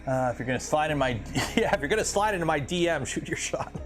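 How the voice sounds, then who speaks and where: Animated man chatting on a livestream. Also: fairly high pitch, normal speed, faint music behind. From Canada. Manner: chatty, reads chat aloud, rants animatedly. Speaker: livestream host. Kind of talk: casual livestream chat.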